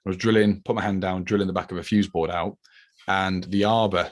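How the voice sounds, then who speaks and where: A British electrician co-hosting a podcast, speaking in dry, matter-of-fact casual chat. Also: male voice, sits low, steady tone, brisk. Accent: British English.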